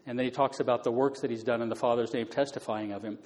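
A man explaining Bible passages in a relaxed, conversational teaching style, with many fillers. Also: mid-range voice, fast talker, in a large hall. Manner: conversational, many fillers, paraphrases scripture casually.

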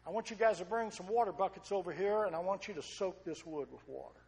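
A man's voice: high-pitched, fast, creaky, a little mellow. A man preaching, voicing a confident, commanding male prophet in a retold story.

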